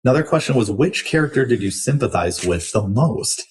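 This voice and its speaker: A man's voice: medium pitch, lively intonation, a little fast, breathy edge. A young man hosting a book podcast, chatting casually through a review with lots of likes and restarts.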